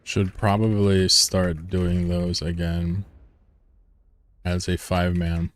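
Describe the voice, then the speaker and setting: A man's voice: low-pitched, completely flat delivery, slow. A man chatting casually on a live game stream, rambling, joking and swearing freely while he plays.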